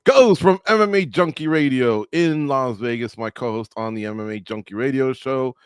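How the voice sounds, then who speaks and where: A man hosts a casual sports roundtable with a jokey, animated delivery. He pokes fun at himself as he goes. The sound is dry and close, with no room around him. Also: mid-range voice, normal speed, smooth, no echo. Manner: jokey, animated, self-deprecating. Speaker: host.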